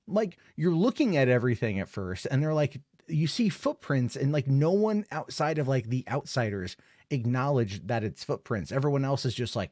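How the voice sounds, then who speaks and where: A man's voice: medium pitch, sing-song, moderate pace, a little mellow, dry recording, clean studio sound. A man giving a casual spoken film review, rambling with lots of fillers and an amused tone.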